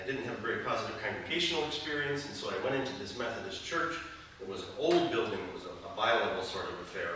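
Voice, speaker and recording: A man's voice: on the low side, bright, forceful tone, slight background noise. A man giving a sermon as a bishop, telling stories and jokes to a gathering. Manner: storytelling, joking. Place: gathering hall. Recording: echoey hall, mic from far off.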